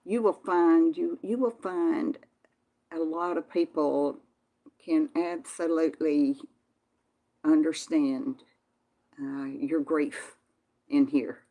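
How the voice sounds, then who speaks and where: A woman's voice: sits low, takes it slowly, long pauses, mellow. Chatty Texan woman hosting a live chat. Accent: Southern US. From Texas. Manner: chatty, folksy, addresses viewers as y'all. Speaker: channel host reading live chat. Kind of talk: casual live-stream chat.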